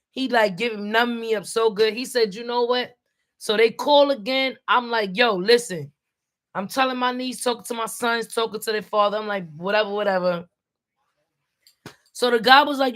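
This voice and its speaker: A middle-aged woman tells a story in an animated, streetwise way, jumping between her own voice and voices for the people she quotes. She keeps cutting in with quick homework checks for a child beside her. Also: fairly high pitch. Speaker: parent, vlogger. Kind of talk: casual storytelling while helping with homework.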